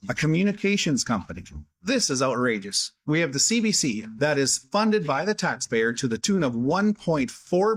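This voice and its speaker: A man's voice: mid-range voice, no room sound. Sarcastic male politician addressing camera. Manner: sarcastic, exasperated. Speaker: member of parliament. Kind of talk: scripted political video address.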